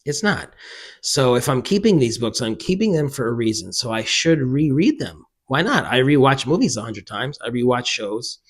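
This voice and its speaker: A man chatting to camera about books while alone in a room, animated and self-mocking, breaking into bursts of loud laughter. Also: medium pitch, moderate pace. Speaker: book vlogger. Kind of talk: casual chat to camera.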